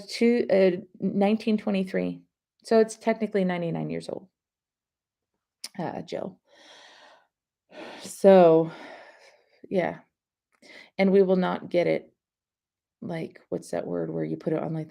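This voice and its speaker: A rambling woman hosts a relaxed live-stream chat, answering her viewers' comments between stories. Her voice sits low and carries a gravelly fry.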